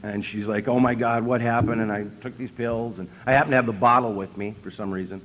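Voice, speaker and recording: A man with an Upper Midwest American accent giving a humorous recovery talk from a convention stage, telling stories in a deadpan, self-mocking way and acting out what people said. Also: mid-range voice, fast. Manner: storytelling, deadpan self-mocking, acts out quotes. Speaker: speaker at an AA convention.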